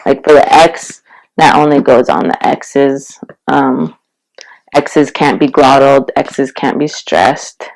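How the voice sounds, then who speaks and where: Woman explaining pronunciation at a whiteboard, slow and relaxed, lots of ums. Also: very deep voice, creaky, low-quality recording. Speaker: language teacher. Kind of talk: casual video blog lesson.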